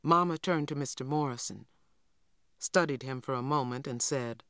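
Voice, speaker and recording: A man reading a children's novel aloud in steady scripted narration. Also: mid-range voice, moderate pace, clean tone, no room sound, clean studio sound. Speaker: audiobook narrator.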